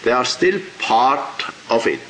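A man teaching a religious class, lecturing in a deliberate, halting way and asking rhetorical questions. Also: mid-range voice, sing-song, bright, forceful tone, a little hiss or hum, rough recording.

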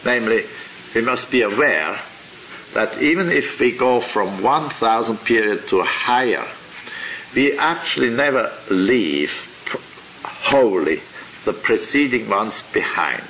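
A man teaching a religious class, lecturing in a deliberate, halting way and asking rhetorical questions. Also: medium pitch, expressive, bright, forceful tone, a little hiss or hum, rough recording.

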